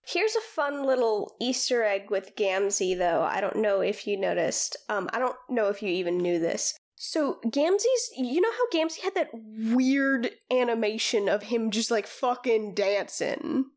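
A woman's voice: on the high side, lively intonation, measured pace, hardly any pauses. A woman co-hosting a casual chat, teasing her co-host and drifting off on tangents. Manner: teasing, chatty, drifts off topic. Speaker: podcast co-host.

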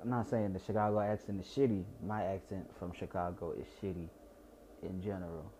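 A man's voice: low voice, fairly even intonation, brisk, warm tone, slight background noise. A young man from Georgia with a Southern accent, slightly tipsy, rambling and repeating himself with stutters in a casual profane monologue. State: tipsy from wine.

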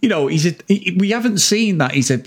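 Aussie guy in his 40s rambling about a movie, swears a lot, voice sits a bit high. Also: expressive, brisk, breathy edge. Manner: rambling, swears freely, frequent laughs. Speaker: podcast co-host. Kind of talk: casual film chat.

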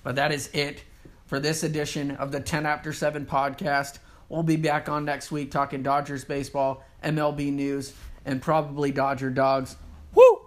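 A man's voice: a little high, flat delivery, moderate pace, slight background noise. A man hosting a podcast, chatting casually, teasing his co-host and laughing often. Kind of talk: casual chat.

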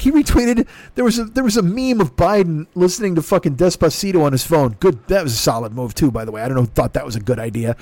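A man's voice: darkish tone, no room sound. Heated, profane man ranting. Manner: heated, profane, sweeping swings in pitch. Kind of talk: profane comedic political rant.

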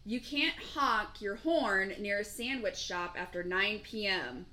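A woman co-hosting a casual podcast, talking in an animated, slangy way and acting out little quoted bits. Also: mid-range voice, unhurried. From Nevada. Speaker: podcast co-host. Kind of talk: casual chat.

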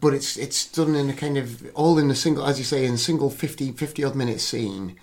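A man's voice: mid-range voice, brisk. A man in casual film discussion, hesitant, often repeating words and trailing off.

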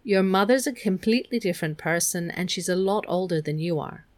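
A woman voicing Calvin, a gentle teenage boy, speaking in a reassuring way. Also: on the low side, brisk, no room sound, natural voice.

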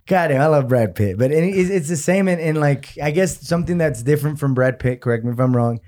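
Casting: male podcast co-host, warm mellow tone, loose and profane, drops Spanish phrases. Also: on the high side, brisk. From Amarillo, Texas area. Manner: animated, swears a lot, mixes in Spanish phrases. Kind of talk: casual chat.

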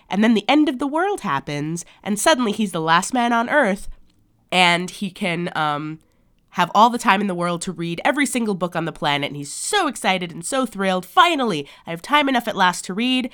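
A woman co-hosting a podcast, chatting frankly and telling stories with animated acted-out quotes. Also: fairly low pitch, clear, resonant tone. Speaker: podcast co-host. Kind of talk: frank casual chat.

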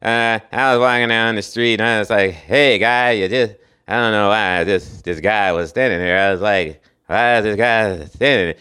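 Man impersonating a deadpan male comic, halting and meandering, pitched a bit lower. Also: smooth. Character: rambling deadpan comedian man.

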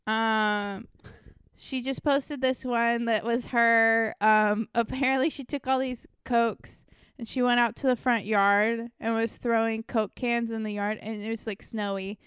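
A woman's voice: on the high side, steady tone, measured pace, fairly bright tone, smooth, dry recording, clean studio sound. A young woman chatting casually as a podcast co-host, telling stories with lots of "like" and "um". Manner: chatty storytelling with many likes and ums. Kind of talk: casual chat.

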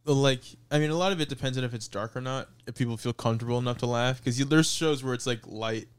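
A man's voice: medium pitch, fast, clear, resonant tone, no room sound. A young man, a comedian and podcast co-host, chatting casually, laughing and chiming in with jokes. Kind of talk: casual chat.

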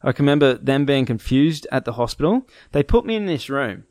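A man's voice: mid-range voice, sing-song, a little fast, a little mellow, no echo, clean studio sound. A young man casually telling a story, acting out his friends' lines and laughing often.

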